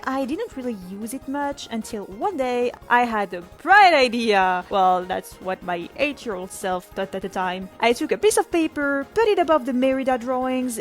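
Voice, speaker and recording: A young woman from France with a French accent, hosting a casual question-and-answer vlog in a playful, self-mocking way. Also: a little high. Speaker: YouTube channel host.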